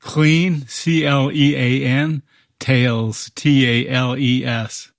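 A man acting as puzzle master on a radio show, reading clues in a measured way and spelling words letter by letter. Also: mid-range voice, steady tone, gravelly, no echo, studio quality. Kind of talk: radio quiz hosting.

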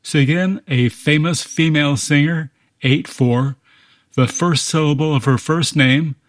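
A man's voice: on the high side, dry recording, studio quality. Man spelling out puzzle clues. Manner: measured, spells words out letter by letter. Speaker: puzzle master. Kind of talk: radio quiz hosting.

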